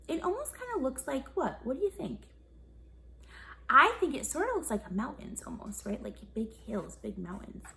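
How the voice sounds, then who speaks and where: A woman's voice: a little high, a bit bright. A young woman teaching a children's music class, upbeat and encouraging, often asking the kids questions. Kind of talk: online kids' music lesson.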